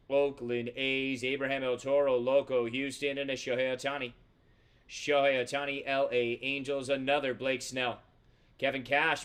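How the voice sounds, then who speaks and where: Smooth-voiced man hosting a card break. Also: medium pitch, a bit bright. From Central Florida. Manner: casual, swears freely, rattles off player names. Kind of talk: live box break commentary.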